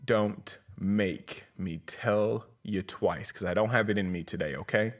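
A man's voice: lowish voice, a little slow. A young man hosting a comedy podcast, rambling through profane, jokey plugs for his shows. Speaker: podcast host and comedy promoter. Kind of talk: casual comedic rant.

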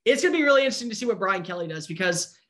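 Animated man breaking down sports. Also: high-pitched. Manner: fast, animated, opinionated. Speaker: sports analyst. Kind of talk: casual sports talk.

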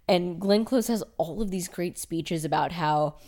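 Woman cohosting a movie podcast, blunt, swears a lot, lowish voice. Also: measured pace. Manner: animated, blunt, swears freely. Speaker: podcast co-host. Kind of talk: casual film discussion.

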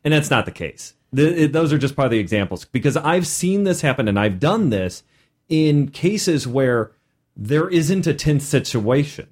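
A man hosting a casual podcast as a game master, animated, with many restarts. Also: fairly high pitch, normal speed, breathy edge.

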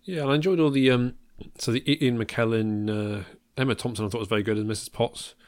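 A man's voice: mid-range voice, steady tone, fast, no room sound. An English man co-hosting a film podcast in casual chat, dry and joking, often stumbling over restarts. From England. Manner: stammering restarts, dry humour, frequent laughs. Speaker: podcast co-host.

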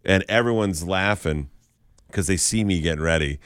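A man hosting a radio morning show, telling a funny story in a casual, deadpan way into a studio mic. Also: low-pitched, moderate pace, clean tone, no echo. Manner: deadpan storyteller, comic timing.

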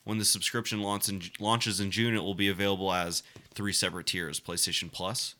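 A man's voice: deep voice, flat delivery, fairly quick, bright, forceful tone. A man co-hosting a casual gaming podcast, joking and swearing, sometimes reading news aloud. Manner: swearing, laughing, jokey. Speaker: podcast co-host.

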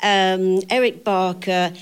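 A woman's voice: mid-range voice, steady tone, slow, smooth. An older woman, a guest actress in an on-stage interview, telling chatty anecdotes with laughter.

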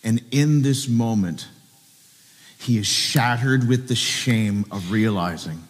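A man's voice: medium pitch, takes it slowly. Earnest preacher man, hall reverb. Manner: earnest, asks the listeners direct questions. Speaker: pastor. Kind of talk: sermon. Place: church service.

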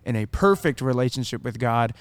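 Smooth-voiced man, dry close sound. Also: medium pitch, expressive, a little fast, dry recording. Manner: laughing, earnest. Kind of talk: casual podcast chat.

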